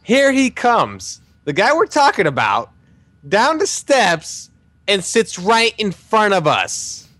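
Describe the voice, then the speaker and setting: A man hosting a podcast, telling a jokey anecdote in a casual, animated way, with some swearing. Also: high voice, takes it slowly, dry recording. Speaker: podcast host. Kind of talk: casual storytelling chat.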